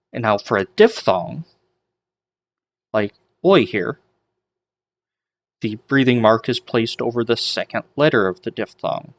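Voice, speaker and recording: Man teaching ancient Greek pronunciation. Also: mid-range voice. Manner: chatty, explains with homemade memory tricks. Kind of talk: online language lesson.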